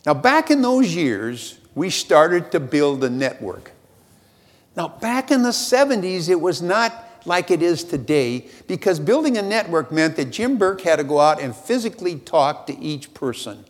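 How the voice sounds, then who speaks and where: Animated high-voiced man telling a story. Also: a little slow, big-room sound. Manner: animated, self-mocking storyteller. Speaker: speaker at a sales convention. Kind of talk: motivational storytelling speech.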